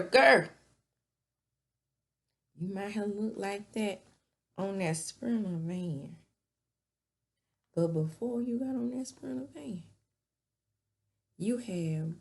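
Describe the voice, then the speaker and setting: A woman giving a sassy, gossipy recap of a reality show, dropping whispered asides. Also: medium pitch. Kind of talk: casual recap commentary.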